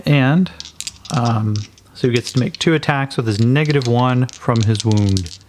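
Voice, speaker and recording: A man's voice: medium pitch, a little slow, noisy background. A man narrating and playing a solo tabletop game, calling dice rolls casually and swearing now and then.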